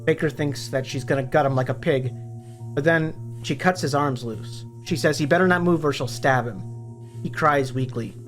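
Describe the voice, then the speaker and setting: A man's voice: on the high side, normal speed. A man, a book reviewer, retelling a novel's story in a plain, matter-of-fact way. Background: faint background music.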